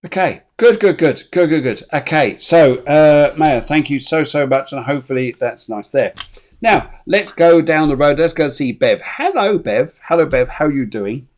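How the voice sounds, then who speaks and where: A man's voice: fairly high pitch, lively intonation, moderate pace. A man working as a medium, chatting and relaying messages on a live reading show, often repeating his phrases. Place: lives in Spain.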